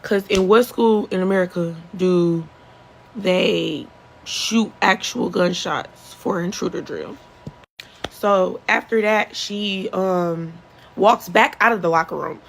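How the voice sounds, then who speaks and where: A woman's voice: takes it slowly, vocal fry, slight background noise, rough recording. A young adult woman telling a true story in the first person, casual and earnest, acting out what people said. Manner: earnest, conversational, re-enacts others' words with shifts in pitch. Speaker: storyteller, survivor recounting events.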